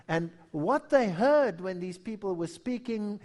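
A man's voice: high voice, animated, measured pace, darkish tone. A man preaching a history sermon, telling the story with animation and acting out the quotes. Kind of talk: sermon-style history lecture.

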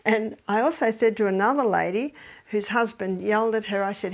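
An older woman speaks at an ordinary middle pitch. She talks casually and tells stories, slipping into the voices of the people she quotes. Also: a little fast. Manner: storytelling, acts out quoted voices, quotes scripture. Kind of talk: casual advice talk.

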